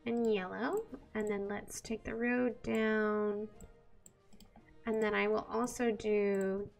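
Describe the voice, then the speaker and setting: A woman's voice: medium pitch, level tone, takes it slowly, vocal fry, faint music behind. A woman giving casual let's-play commentary while building a city, chatty and exasperated, talking to herself and to the game. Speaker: gamer.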